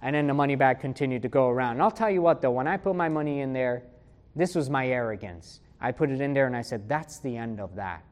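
A man preaching a sermon, telling a personal story with lively asides and acted-out thoughts. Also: medium pitch, fast talker. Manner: animated storytelling, acting out his own inner voices; frequent tag questions.

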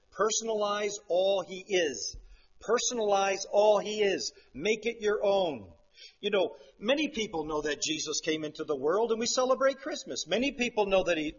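Man, preacher, sermon, husky, fairly high voice, hushed to fervent swings. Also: animated, brisk, lo-fi sound.

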